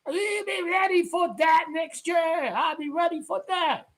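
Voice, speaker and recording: Woman sports vlogger, very high and unhurried, shouts her hot takes over and over. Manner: loud, excitable, repeats herself, often shouts. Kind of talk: ranting sports commentary.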